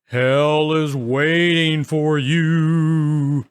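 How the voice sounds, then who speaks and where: A man putting on a drawn-out, threatening ghostly voice to frighten someone in a story. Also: a little high, steady tone, smooth. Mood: menacing. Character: menacing ghostly voice taunting a bully.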